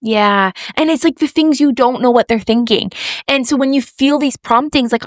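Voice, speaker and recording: Lively young woman telling a story. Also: sits high, normal speed, no echo. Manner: animated storyteller, acts out quoted voices, lots of "like". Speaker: podcast co-host. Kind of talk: casual faith podcast chat.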